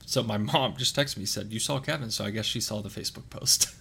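A man's voice: fairly low pitch, brisk, creaky, pushed and bright, a little hiss or hum. A young man on a podcast, chatting casually and telling a rambling story full of fillers and restarts. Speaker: podcast co-host.

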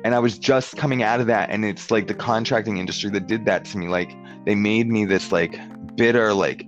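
A man rambles through a story in casual chat, his speech full of "like" and quick shifts into quoted voices. His voice sits low. The recording is dull and lo-fi, with faint guitar music underneath.

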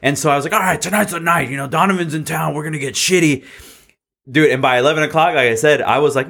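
A man's voice: a little high, fast talker, gravelly, fairly bright tone. A man in his thirties from Southern California, co-hosting a podcast in casual chat, rambling through a story with restarts and laughs. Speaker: podcast co-host.

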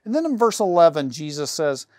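A man preaching a sermon as pastor, earnest and measured, slowing down and pausing to stress key phrases. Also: a little high, very animated, a little mellow, no echo, clean studio sound.

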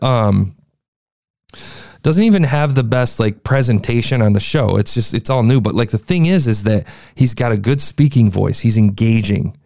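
A young man talks through a podcast review in a loose, chatty way, often restarting his sentences. His voice is gravelly and dark. The sound is dry and close. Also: medium pitch, no echo. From United States. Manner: chatty, frequent restarts and fillers. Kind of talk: casual critique commentary.

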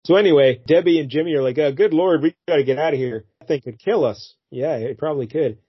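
A man casually retells a comic book story with lively, animated energy, sometimes slipping into silly voices. His voice sits a touch high and has a husky edge. The recording is dry and dull, with a lo-fi sound. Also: fast talker, no room sound. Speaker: podcast co-host. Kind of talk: casual chat recapping a comic.

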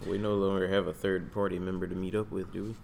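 A man with a fairly low voice playing a tabletop role-playing game. He jokes in a dry, playful way, and a faint hiss of noise sits under his voice. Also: level tone, fast talker, creaky, a little mellow. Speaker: player.

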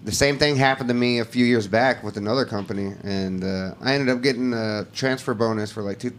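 A man's voice: mid-range voice, brisk, slight background noise. A man in his thirties co-hosting a casual podcast, laid-back, laughing and swearing about work and family. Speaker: podcast co-host. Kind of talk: casual chat.

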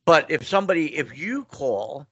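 Muffled and dry, the recording captures a middle-aged New York man whose slightly high, husky voice is very animated at a normal speed. As an interview guest, he tells loose, rambling stories, keeps restarting his sentences and acts out quoted dialogue.

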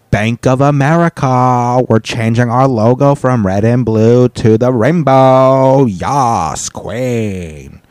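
A man putting on a flamboyant male corporate spokesman, with a high, exaggerated voice and a vague put-on accent. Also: no room sound, close to an everyday voice.

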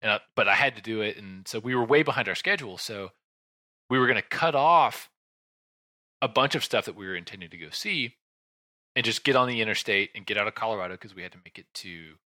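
A man's voice: fairly low pitch, animated, fast talker, pushed and bright, dry recording. A man in his thirties telling a rambling travel story in a casual way, with restarts, asides and sighs. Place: home room with a shelf behind him.

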